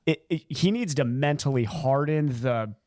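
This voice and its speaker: A man co-hosting a cycling podcast in casual chat, animated and joking, often laughing. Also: fairly high pitch, normal speed. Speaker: podcast co-host.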